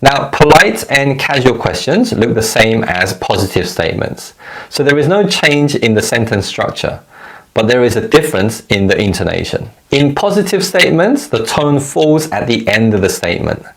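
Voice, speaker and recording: A man teaching a recorded language lesson, giving clear, measured explanations and modeling example phrases for learners to repeat. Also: medium pitch, very animated, fairly bright tone.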